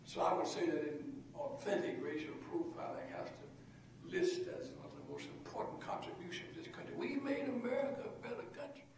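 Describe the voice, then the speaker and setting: A man's voice: high voice, creaky, a bit bright, a little hiss or hum. An older man, a pastor, telling a folksy, humorous story with repetitions as a lecture. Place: large lecture hall. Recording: echoey hall, voice from far off.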